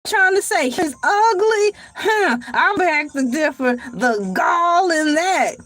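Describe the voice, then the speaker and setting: Dramatic high-voiced woman streamer. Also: slow, soft background music. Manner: animated and dramatic, bursts into shouts and laughter. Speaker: livestream host. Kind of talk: casual live-stream chat.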